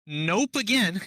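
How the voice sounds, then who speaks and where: A man's voice: sits high, pushed and bright, dry recording, low-quality recording. A man running a tabletop game as game master, narrating the scene and thinking aloud, laughing often.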